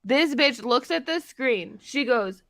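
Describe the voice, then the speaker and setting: A woman's voice: high-pitched, lively intonation, takes it slowly, fairly bright tone. A young woman co-hosting a podcast, telling stories in a profane, rambling casual chat full of "like". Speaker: podcast co-host.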